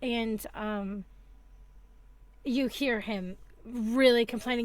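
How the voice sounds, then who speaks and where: A woman's voice: a little high, takes it slowly, fairly bright tone. A woman game master narrating a tabletop game, loose and laughing, with many fillers.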